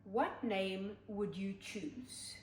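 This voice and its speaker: Older woman co-host, measured and advice-giving, mic set back in an echoey room with faint hiss. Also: medium pitch, steady tone. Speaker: podcast co-host. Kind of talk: casual chat. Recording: roomy, distant mic, faint noise.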